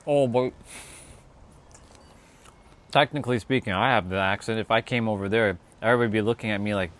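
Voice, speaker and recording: A man's voice: on the low side, fairly quick, a bit bright. A man from North America, chatting casually with viewers on a livestream while making a hot drink. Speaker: livestream host.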